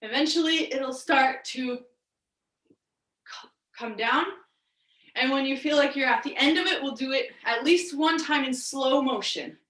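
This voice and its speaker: A woman teacher leads a guided movement lesson in an unhurried way. Her voice is bright and a little high, and her playful manner comes with easy laughter. The room around her is echoey. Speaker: energy work teacher.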